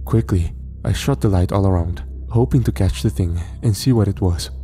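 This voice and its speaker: A man narrating a horror story in a measured storytelling manner. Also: low voice, warm tone, soft background music.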